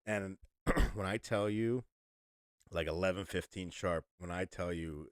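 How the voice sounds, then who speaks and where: A man's voice: deep voice, measured pace, no room sound, clean studio sound. An American man co-hosting a podcast, telling a rambling travel story in a casual chat with lots of fillers and restarts. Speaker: podcast co-host.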